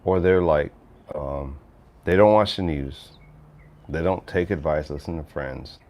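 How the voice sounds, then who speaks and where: A man's voice: very deep voice, a little slow, dull audio. A middle-aged man rambling casually on a livestream, reading chat messages aloud and answering viewers. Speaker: livestream host.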